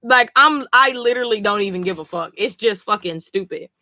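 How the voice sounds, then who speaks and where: A woman's voice: mid-range voice, lively intonation, brisk, few pauses, bright, forceful tone, no room sound. A sleepy woman streamer reacting live as she reads a comic, blunt, profane and exasperated. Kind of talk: casual live reading reaction.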